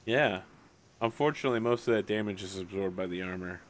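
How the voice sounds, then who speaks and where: A man running a tabletop game as game master, describing scenes in a relaxed, joking way and laughing often. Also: lowish voice, fast talker, a little hiss or hum.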